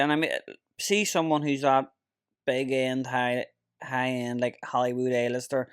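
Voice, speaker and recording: A man's voice: mid-range voice, little pitch movement, unhurried, clear, resonant tone, dry recording, clean studio sound. A man from Ireland, hosting a casual podcast chat and telling stories full of swearing and laughter. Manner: swearing storyteller, laughs often. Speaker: podcast host.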